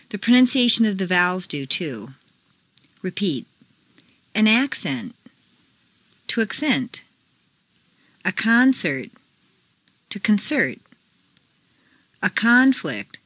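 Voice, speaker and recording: A woman reading scripted pronunciation drills as a teacher, slow and deliberate, contrasting word stress. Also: mid-range voice, fairly bright tone, dry recording.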